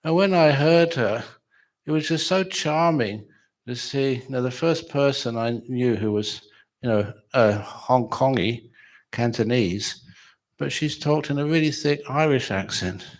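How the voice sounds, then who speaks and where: A man's voice: mid-range voice, a little slow. A man giving a chatty, humorous dharma talk at a retreat, telling stories and laughing with his audience. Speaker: meditation teacher.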